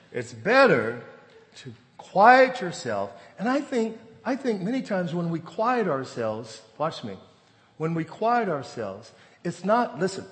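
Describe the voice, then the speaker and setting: A man in his forties preaching a sermon, telling stories and rising to loud, emphatic bursts. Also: on the high side. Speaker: pastor. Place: church sanctuary. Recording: long hall reverb.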